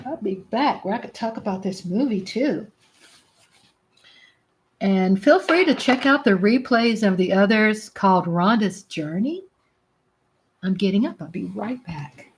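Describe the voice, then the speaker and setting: A woman's voice: medium pitch, lively intonation, unhurried, pauses often, a little hiss or hum. A woman hosting a casual home livestream, chatting in a rambling way. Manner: chatty, rambling, coos baby talk to her cat. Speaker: livestream host.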